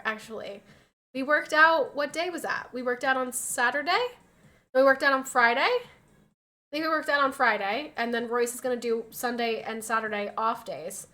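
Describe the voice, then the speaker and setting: A woman's voice: on the high side, moderate pace, bright, forceful tone. A young woman streamer chatting casually with her viewers, laughing often and acting out what other people said. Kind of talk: casual chat reading viewer messages.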